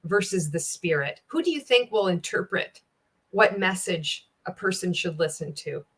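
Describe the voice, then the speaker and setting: A woman's voice: fairly low pitch, lively intonation, moderate pace, a bit bright, breathy edge. A woman giving reaction commentary in a blunt, sarcastic way, swearing often. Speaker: reaction video host.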